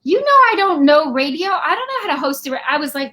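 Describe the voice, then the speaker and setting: A woman guest telling a lively personal story on a video call, acting out quoted voices. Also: high-pitched, fairly quick, hardly any pauses. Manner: animated, acts out quoted voices. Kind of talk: storytelling in casual chat.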